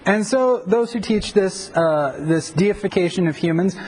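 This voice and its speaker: A man's voice: high-pitched, unhurried, a little mellow, low-quality recording. A male pastor giving a conversational Bible teaching, with frequent fillers and self-corrections.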